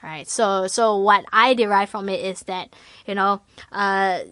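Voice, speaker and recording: A woman's voice: medium pitch, unhurried, no room sound. A woman, chatting casually and acting out voices as she tells a story. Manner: animated storyteller, acts out voices, laughs often. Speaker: guest sharing stories. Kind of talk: casual chat.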